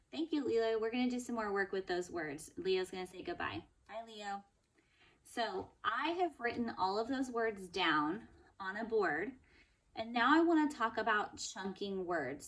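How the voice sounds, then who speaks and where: A woman first-grade teacher giving an upbeat, encouraging phonics lesson, stretching out words slowly to clap their syllables. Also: mid-range voice, far from the mic. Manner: slow, drawn-out word modelling, clapping out syllables. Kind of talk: recorded phonics lesson for young pupils. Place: indoors at home. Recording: voice a bit off-mic.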